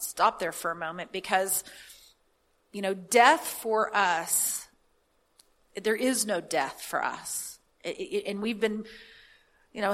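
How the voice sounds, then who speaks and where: Slow, emphatic woman preacher. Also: medium pitch, fairly bright tone. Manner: slow, emphatic reading with drawn-out words. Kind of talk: sermon with scripture reading.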